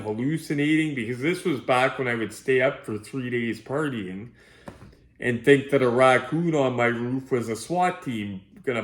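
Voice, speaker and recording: A middle-aged man from Canada, hosting his channel and telling a personal story casually, acting out each line of dialogue in quick bursts. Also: medium pitch. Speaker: host.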